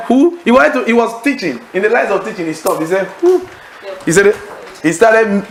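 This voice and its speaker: High, gravelly-voiced preacher man. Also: a little hiss or hum, poor audio. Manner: animated storytelling, acting out laughter; asks the audience leading questions. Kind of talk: sermon-style teaching to a congregation. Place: Bible study class room.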